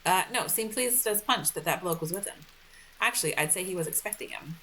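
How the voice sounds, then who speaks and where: A woman reading the lines of a working-class male witness in a video game, in a casual, low-pitched way. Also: expressive, brisk, pushed and bright, slight background noise, poor audio. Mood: chatty. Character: working-class London man, a plain-spoken witness. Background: game music.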